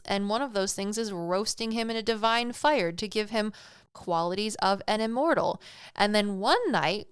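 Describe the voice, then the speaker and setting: A woman's voice: mid-range voice, smooth, no room sound, studio quality. A young adult woman, a podcast host, retelling a myth in a chatty, slangy, playful way.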